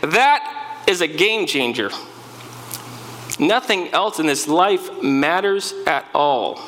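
A man preaches as an earnest eyewitness follower of Jesus in a dramatic first-person sermon monologue, his voice high and bright. He stumbles over and repeats words as the story stirs him. It is recorded in an echoey hall with a faint hum behind. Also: animated, slow pace. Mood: joyful.

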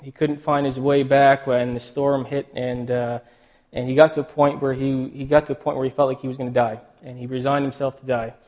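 A male pastor giving a sermon, emotional and choked up, halting with many restarts and fillers. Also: mid-range voice, little pitch movement, darkish tone.

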